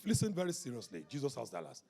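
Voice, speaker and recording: A man preaching a sermon as pastor, with a raspy, gravelly voice. He swings from hushed talk to loud shouting and prays in tongues. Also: medium pitch, wildly swooping pitch, quick pace.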